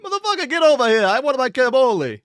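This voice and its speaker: A man putting on a loud, brash Italian-American man from Boston who is yelling about a cannoli. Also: very high voice, sing-song, fast talker, clean tone, dry recording, clean studio sound, voice pushed up, full character voice. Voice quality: shouting, coarse.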